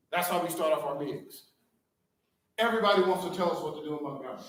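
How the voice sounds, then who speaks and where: In a large hall full of echo, captured from afar with faint noise, a school district leader delivers a motivational speech to a live audience of staff. His voice is fairly high and bright, he speaks fast, and he keeps throwing rhetorical questions at the crowd.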